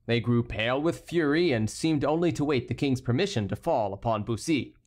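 A man reads a historical novel aloud in a steady, scripted audiobook style. His voice sits in a mid range. He gives the courtiers higher voices of their own. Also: normal speed. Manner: reads every character himself, lifting his pitch for the courtiers. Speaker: audiobook narrator. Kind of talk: scripted narration.

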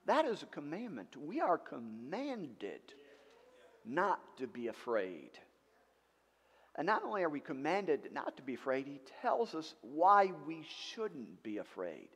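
A male pastor preaching a sermon in an animated way, with rhetorical questions and emphatic outbursts. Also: on the high side, slow pace, husky, long reverb tail. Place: church sanctuary.

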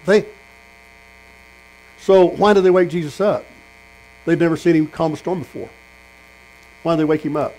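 Male tent-meeting preacher, higher voice, sermon storyteller who questions the crowd. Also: moderate pace, long pauses, a little mellow, low-quality recording. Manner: storytelling, asks the congregation questions.

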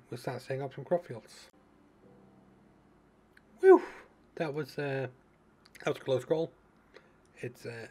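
A man's voice: mid-range voice, vocal fry, a little mellow, a little hiss or hum. A man casually narrating his own survival gameplay, thinking aloud with many fillers and restarts. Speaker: let's play gamer. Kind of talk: casual game commentary.

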